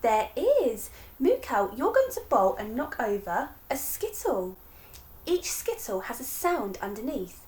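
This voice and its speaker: A woman's voice: a little high, sing-song, measured pace, a little mellow. A young woman hosting a children's phonics lesson, cheerful and encouraging, laughing often. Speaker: phonics teacher and host.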